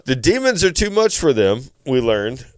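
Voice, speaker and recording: A man hosting a casual podcast, walking through a movie scene by scene with lively, profane energy. His voice is smooth and clear, recorded close and dry, at an ordinary middle pitch. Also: no room sound. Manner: animated, swearing, quick recapping with laughs. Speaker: podcast host. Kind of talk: casual movie recap chat.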